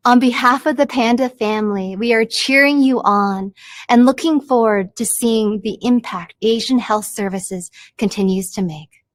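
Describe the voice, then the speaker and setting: A woman's voice: a little high, normal speed, no room sound. A woman executive giving a recorded, scripted message of thanks. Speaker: company executive.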